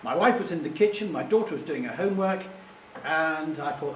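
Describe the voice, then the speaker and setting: A man gives a rambling, self-deprecating live talk in a fairly high voice. He is picked up from a distance in an echoey hall. A faint hum runs underneath. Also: animated, normal speed. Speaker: public speaker.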